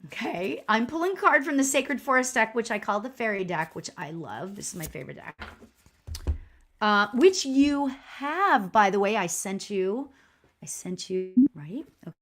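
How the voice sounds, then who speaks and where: A woman's voice: mid-range voice, expressive, moderate pace. A woman working as a spiritual medium, giving a live online reading in a chatty, encouraging way with lots of "you know" fillers. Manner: warm and encouraging toward viewers.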